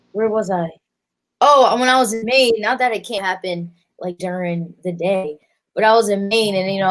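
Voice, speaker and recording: A woman co-hosting a podcast, chatting in a relaxed, frank way. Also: mid-range voice. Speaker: podcast co-host. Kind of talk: casual chat.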